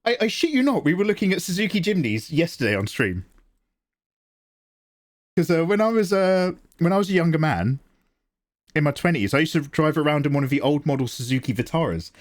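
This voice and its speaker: Animated British man chatting on stream. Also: fairly high pitch. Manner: chatty, joking, answers chat with quick asides. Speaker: livestream host. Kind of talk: casual chat with viewers while drawing.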